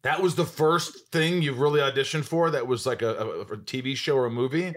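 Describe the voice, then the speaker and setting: A man's voice: mid-range voice, a little fast. A man hosting an interview, reacting briefly and asking eager follow-up questions. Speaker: host. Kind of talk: casual interview.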